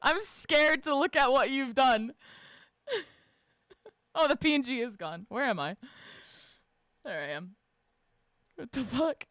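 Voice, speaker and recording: A woman streamer chatting casually with her live chat, swearing freely, laughing often and shouting out greetings. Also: high-pitched, animated, slow pace, pauses often, no room sound, clean studio sound. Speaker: livestreamer reading and answering chat.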